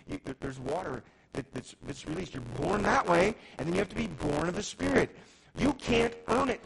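A middle-aged man preaching a sermon as pastor, often restarting words and swinging between loud emphasis and quiet intensity. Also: sits high, poor audio. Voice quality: gravelly.

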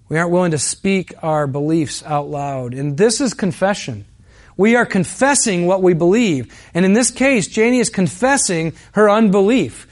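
A man preaching a sermon as pastor, telling a personal story in an earnest, conversational way that builds to emphatic peaks. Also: high voice.

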